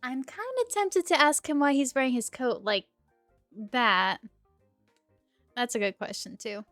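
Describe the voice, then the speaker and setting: A woman's voice: sits high, a little slow, fairly bright tone, dry recording. Chatty woman streamer reading a game aloud. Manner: chatty, giggly asides between read lines. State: sore throat. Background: faint game music.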